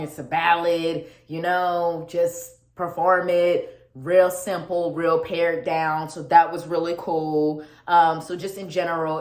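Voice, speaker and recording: A woman vlogging an album review, gushing and animated, often laughing and repeating words for emphasis. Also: low voice. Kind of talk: casual excited vlog talk. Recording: echoey room.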